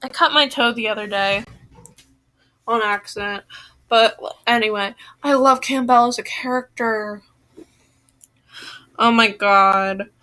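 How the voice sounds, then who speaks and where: A woman reading a novel aloud pauses for chatty asides, filling her talk with "like". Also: fairly high pitch, pushed and bright. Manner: chatty, lots of "like". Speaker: audiobook reader.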